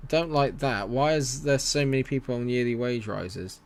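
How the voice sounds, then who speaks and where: A man's voice: mid-range voice, moderate pace. A young man casually commentating on his management game live and chatting with viewers, rambling and friendly in tone. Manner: chatty, rambling, reads chat aloud and answers it. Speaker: gaming streamer.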